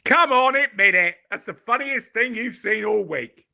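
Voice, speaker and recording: A man doing a squeaky cheeky baby boy. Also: lively intonation, moderate pace, gravelly, sharp tone, full character voice. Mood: teasing. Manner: teasing, playful.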